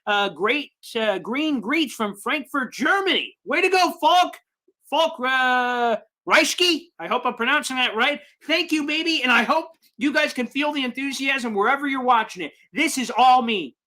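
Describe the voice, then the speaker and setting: A man hosting a live fan stream, reading viewer comments and talking in a passionate, rambling way while emotional and excited. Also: normal speed, hardly any pauses. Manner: high-energy, passionate, rambling. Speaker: sports fan show host.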